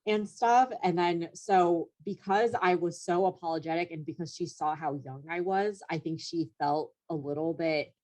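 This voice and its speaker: Low-voiced young woman telling a story. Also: steady tone, moderate pace, hardly any pauses, darkish tone. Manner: rambling, filler-heavy, laughs through story. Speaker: comedian guest. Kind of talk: casual storytelling chat.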